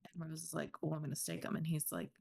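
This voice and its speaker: A woman co-hosting a book podcast, retelling scenes bluntly with swearing and a fast, excited delivery. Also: deep voice, gravelly. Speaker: podcast co-host. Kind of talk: casual book recap chat.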